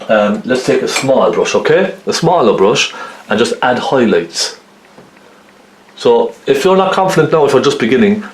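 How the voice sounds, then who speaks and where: A man of middle pitch walks through an oil painting demonstration in a friendly, chatty way. He keeps checking in with short tag questions, and his voice carries a noticeable roomy echo. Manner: chatty, lots of tag questions like okay and isn't it. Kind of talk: step-by-step painting tutorial.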